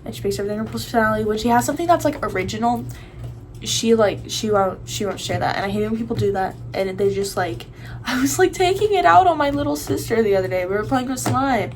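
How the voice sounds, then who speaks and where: A woman's voice: a little high, expressive, fast, slight background noise, poor audio. A young woman in her teens ranting casually to the camera, rambling with lots of fillers and restarts. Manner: rambling, full of likes and restarts. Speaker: vlogger.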